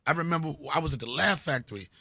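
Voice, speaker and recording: A man in his fifties from Washington, D.C., telling stories as a comedy guest in an animated, profane way. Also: fairly high pitch, racing, vocal fry, no echo, studio quality. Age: 50s. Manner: animated, profane, acts out scenes. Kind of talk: casual storytelling interview.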